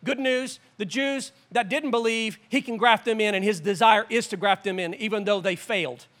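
A man in his forties preaching a sermon as pastor, animated and joking, with sudden loud bursts. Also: sits high, moderate pace.

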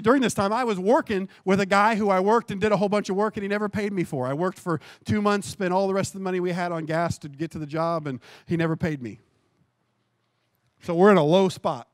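Male pastor, high pitch, dry close sound; lively sermon testimony, repeats phrases for emphasis. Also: no room sound.

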